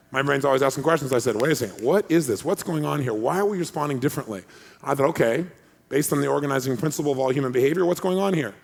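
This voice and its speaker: A man with a raspy, gravelly voice tells a story to an audience, swinging his pitch widely as he goes. He sounds energetic and acts out the lines of the people in his story. The recording carries the long reverb of a large hall. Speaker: motivational speaker. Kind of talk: animated motivational talk with acted-out quotes.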